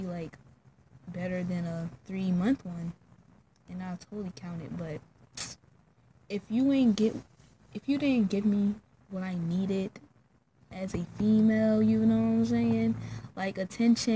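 A woman's voice: mid-range voice, unhurried, warm tone, slight background noise, low-quality recording. Chatty slangy young woman vlogger. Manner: slangy, chatty, filler-heavy. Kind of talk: casual storytelling to camera.

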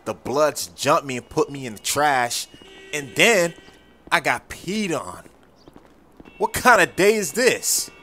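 A man narrating and voicing the lead in a game story video, excitable and slangy. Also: fairly high pitch, takes it slowly. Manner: excitable, slangy, often yelling for help.

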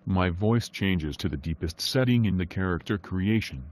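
Synthetic male voice doing a boy's fake deep sick voice. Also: animated, moderate pace, a little mellow. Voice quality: synthetic text-to-speech voice. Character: little boy faking a deep sick voice.

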